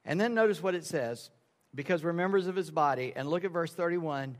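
Preaching briskly in a fairly high voice, a pastor spins folksy tales and plays every character, putting their dialogue into quoted voices. The sermon rings with sanctuary reverb.

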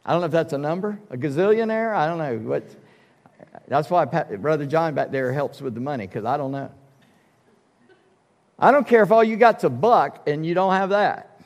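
High-voiced pastor preaching in a reverberant hall. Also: male voice, expressive, moderate pace. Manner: emphatic, conversational preaching with asides. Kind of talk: sermon. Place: church sanctuary.

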